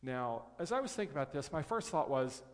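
A man preaching a conversational sermon as pastor, reading scripture aloud in slow, careful phrases. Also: medium pitch, sing-song. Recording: long hall reverb.

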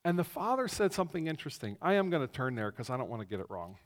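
A man preaching a conversational sermon as pastor, telling the story with animation and swinging between loud and hushed. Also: mid-range voice, sing-song, rapid-fire. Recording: long reverb of a large hall.

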